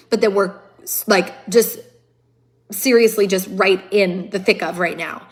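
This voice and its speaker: A woman's voice: mid-range voice, fairly bright tone. A woman giving an earnest, emphatic motivational talk on a phone livestream, often repeating phrases for stress. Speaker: motivational speaker. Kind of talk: live-streamed motivational talk.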